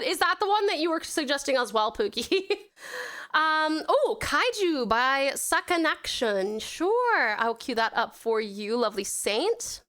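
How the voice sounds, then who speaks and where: A woman's voice: sits high, very animated, a little slow, fairly bright tone. A woman from the United States with a blended American and Australian accent, chatting as a streamer while drawing. She reads viewer messages aloud and thanks people with pet names. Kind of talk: casual live-stream chat while drawing.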